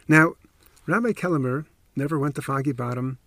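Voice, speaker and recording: A man's voice: mid-range voice, fairly quick, fairly bright tone, no room sound. A man narrating a true story on a podcast, emphatic with wry asides, close to the mic.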